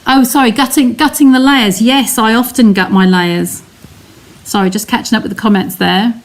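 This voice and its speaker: A woman's voice: medium pitch, normal speed. An English woman giving a live card-making demonstration, chatting casually and narrating each step while answering viewers' comments. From England. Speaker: craft demonstrator.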